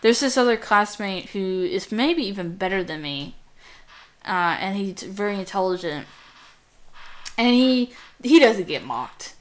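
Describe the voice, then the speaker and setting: A woman's voice: mid-range voice, lively intonation, measured pace. A young adult woman with a youthful, girlish voice, chatting and ranting casually over gameplay, easily distracted and swearing now and then. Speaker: gameplay commentator.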